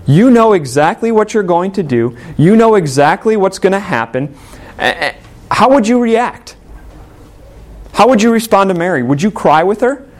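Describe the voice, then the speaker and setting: A man's voice: high-pitched, a little mellow. A man preaching a sermon as a pastor, reading scripture aloud and asking rhetorical questions in an earnest tone.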